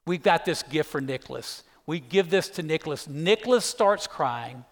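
Middle-aged pastor with a slightly high voice. He preaches emphatically in an echoey church hall. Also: expressive, normal speed. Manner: emphatic storyteller, keeps saying "listen". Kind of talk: sermon with a personal story. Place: church sanctuary.

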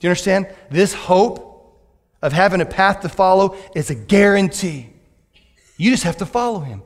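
A man preaching a lively, joking sermon as a pastor to his church, with sudden loud outbursts. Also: a little high. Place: church sanctuary. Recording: long hall reverb.

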